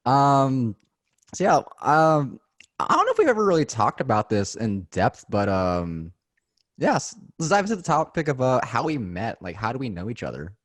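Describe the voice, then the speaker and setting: A man's voice: mid-range voice, sing-song, normal speed, dry recording, clean studio sound. A man in his twenties hosting a casual podcast chat, joking and upbeat. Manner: joking, upbeat, says "dude". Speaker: podcast host.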